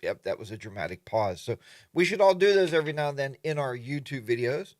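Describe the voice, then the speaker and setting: A man's voice: mid-range voice, animated, a little fast, a little mellow, no room sound. A man hosting a casual morning livestream from his home studio, greeting viewers by name and rambling along with plenty of fillers. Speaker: livestream host.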